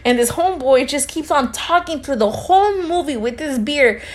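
A woman telling a story on a casual podcast. She has a high voice that swoops up and down, and she quotes everyone in the story. Her talk is sprinkled with swearing and the odd Spanish phrase. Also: normal speed, a crowd in the background. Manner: animated, acts out both sides of conversations, swears freely. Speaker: podcast co-host.

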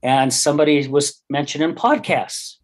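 A man's voice: a little high, normal speed. A man who hosts a podcast, earnestly telling a personal story in an interview, rambling and acting out remembered conversations. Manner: earnest, rambling, acts out quoted dialogue. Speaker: podcast host and guest.

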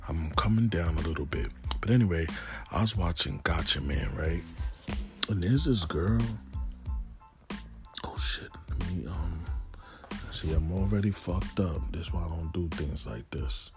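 A man's voice: sits low, animated, unhurried, music in the background. A stoned man rambling in a casual, slangy monologue, often losing his thread. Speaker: podcast host.

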